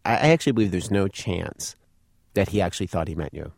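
A man's voice: low-pitched, lively intonation, fast, gravelly, darkish tone, dry recording, clean studio sound. A man hosting a conversation, reflective, thinking aloud as he responds to a guest's story. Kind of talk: conversational interview.

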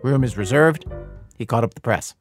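A man hosting a radio documentary show, delivering scripted narration in a measured, dry, conversational way. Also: mid-range voice, animated, soft background music.

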